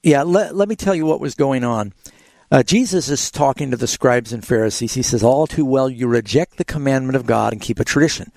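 A man's voice: medium pitch, fairly quick, gravelly, darkish tone, dry recording. A man hosting a call-in Bible radio show, patiently explaining scripture to callers with frequent fillers. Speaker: radio Bible program host.

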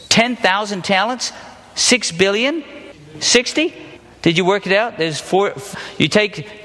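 A man delivers a sermon and walks his listeners through a Bible story step by step, pausing often to put questions to them. His voice sits high and sounds bright and sharp. It rings out with a long reverb, as if he is in a large hall. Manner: asks the audience questions, explains step by step. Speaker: preacher teaching a Bible lesson.

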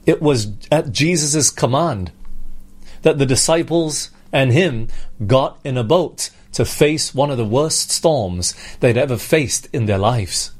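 A man's voice: mid-range voice, darkish tone. A man preaching a sermon in an earnest manner, asking his listeners rhetorical questions. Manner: earnest, rhetorical questions, acts out pleading prayers.

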